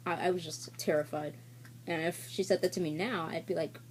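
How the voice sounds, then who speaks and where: A woman's voice: lowish voice, steady tone, a little fast, darkish tone, slight background noise. A woman vlogger telling a casual story-time tale in a rambling, candid way, with frequent fillers and swearing.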